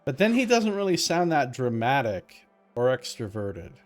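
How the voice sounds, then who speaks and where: A man's voice: mid-range voice, very animated, normal speed, faint music behind. A man streaming a video game, chatting casually and self-amused as he tries out character voices. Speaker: let's play streamer.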